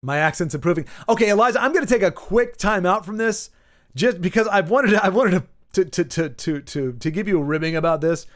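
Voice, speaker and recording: A man's voice: sits high, brisk. Rambling, wry male streamer. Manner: rambling, with many restarts and stammered repeats; wry and sarcastic. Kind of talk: casual chat to stream viewers.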